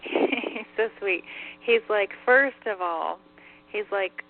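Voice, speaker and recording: A woman's voice: mid-range voice, slow, gravelly. A woman working as a medium on a call-in radio show, relaying spirit messages in a chatty way, laughing easily and saying "like" often. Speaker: psychic medium. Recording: tinny phone line with faint hiss.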